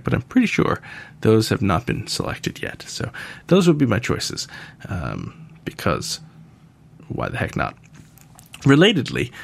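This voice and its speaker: A man's voice: fairly low pitch, gravelly, no room sound. An American man hosting a podcast and answering listener questions in a casual way, with dry joking asides. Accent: General American.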